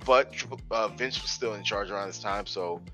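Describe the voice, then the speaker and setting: A man co-hosting a casual wrestling podcast, talking in an animated, profane, joking way. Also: fairly low pitch, normal speed, faint music behind. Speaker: podcast co-host.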